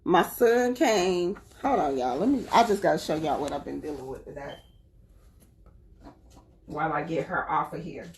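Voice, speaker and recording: A woman's voice: deep voice, moderate pace, a little hiss or hum. A woman from North Carolina with a Southern accent, chatting casually and animatedly to her viewers, often laughing. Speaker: spiritual vlogger.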